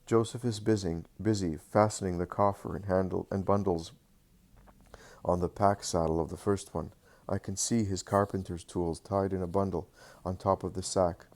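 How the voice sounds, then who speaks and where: Deep-voiced man narrating a devotional text. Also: fairly even intonation, darkish tone. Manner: slow, earnest reading with small slips.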